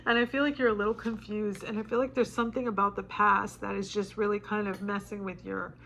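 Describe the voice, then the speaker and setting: A woman's voice: medium pitch, flat delivery, a little fast, vocal fry, a bit bright. Woman tarot reader, casual talk to camera, choked up and tearful, chatty, light swearing, faint noise behind.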